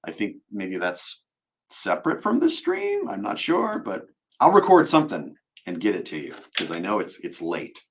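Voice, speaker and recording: Lively, joking man on a livestream. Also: sits low, moderate pace. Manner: jokey, playful, self-mocking. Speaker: voice actor at a live signing stream. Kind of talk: casual livestream chat.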